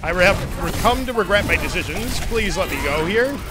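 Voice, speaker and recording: Male streamer, high-pitched, excitable running commentary while playing. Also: a little fast, over music. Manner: excitable, jokey, repeats phrases. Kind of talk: live gameplay commentary.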